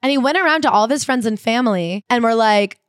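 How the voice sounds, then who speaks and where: A woman co-hosting a casual book podcast, retelling a story with animated acted-out quotes and frequent swearing. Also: on the high side, fast, clear, resonant tone, no echo, studio quality. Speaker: podcast co-host. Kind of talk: casual book-recap chat.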